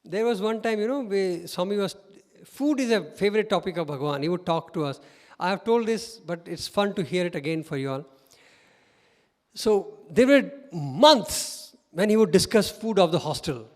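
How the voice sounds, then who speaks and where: A middle-aged man with an Indian English accent, giving an animated storytelling talk as a guest speaker and laughing often. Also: high voice. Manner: animated, laughs often while telling stories. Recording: reverberant hall.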